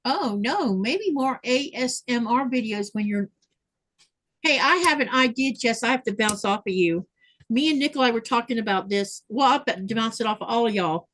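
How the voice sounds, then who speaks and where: A woman's voice: fairly high pitch, expressive, moderate pace, fairly bright tone, low-quality recording. A woman hosting a sewing livestream, chatting casually and reading viewer comments aloud. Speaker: livestream host. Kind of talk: casual chat while sewing.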